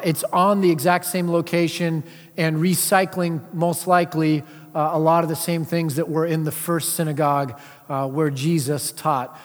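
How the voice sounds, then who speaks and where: A man giving a sermon as pastor, in a conversational way with frequent filler sounds. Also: on the high side. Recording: long reverb of a large hall.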